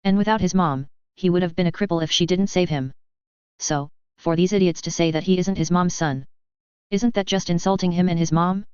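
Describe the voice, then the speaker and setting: A narrator reading a fantasy web novel aloud in a steady, even audiobook style. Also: medium pitch, a little fast, clean tone, no echo, highs cut off.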